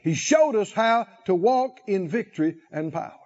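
A man's voice: high voice, lively intonation, normal speed, a little mellow, highs cut off, faint music behind, a faint crowd. A male preacher delivering a rousing sermon, calling out to the congregation and laughing often.

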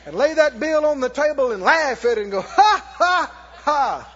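A male pastor preaching a sermon in a church, animated, with mock laughter and shouts. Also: very high voice, fast talker, big-room sound, muffled recording.

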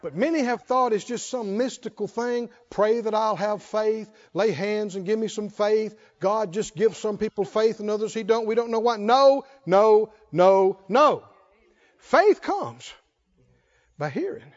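A male pastor preaches with a high-pitched voice, trading call and response with his congregation. He swings from quiet reasoning to loud cries. The recording is dull and muffled. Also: moderate pace, few pauses, long reverb tail. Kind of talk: sermon.

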